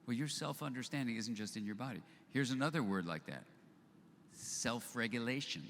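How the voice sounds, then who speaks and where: An older man speaks at a live event, recounting conversations with lively back-and-forth delivery and acting out each voice. His voice sits at a middle pitch. It carries through a hall with a long reverb and some faint background noise. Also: moderate pace. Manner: animated storyteller who acts out both sides of a dialogue. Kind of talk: storytelling talk to an audience.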